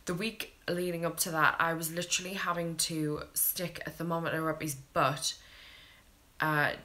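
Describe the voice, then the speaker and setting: A woman's voice: low-pitched, little pitch movement, normal speed, sharp tone. A British mother, tired, telling her baby's story to camera in a blunt, candid way and swearing freely. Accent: British English.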